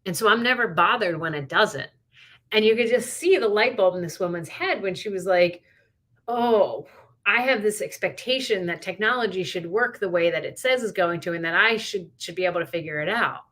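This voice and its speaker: With a medium-pitched, sharp voice and a fairly quick pace, a middle-aged woman co-hosts a podcast. She tells stories in a loose, rambling manner, leaning heavily on "like" and "you know."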